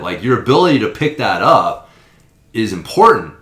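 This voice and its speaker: Casual male podcast host, low-ish but bright and forceful tone, lots of cursing, roomy room sound. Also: very animated, moderate pace. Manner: profane, acts out quoted exchanges. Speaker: father of young kids. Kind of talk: casual chat. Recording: roomy echo.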